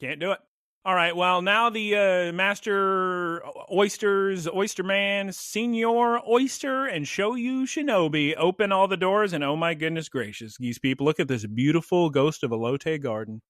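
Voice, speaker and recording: A young man co-hosting a podcast, recapping an anime episode in excitable play-by-play and calling out attack names. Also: sits high, measured pace, no echo, studio quality. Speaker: podcast co-host. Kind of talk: casual anime recap chat.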